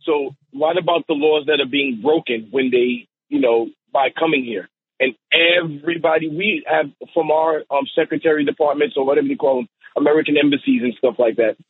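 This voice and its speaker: Halting caller on a tinny phone line. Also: male voice, on the high side, breathy edge, no room sound. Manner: halting, searching for words. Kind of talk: talk radio call-in.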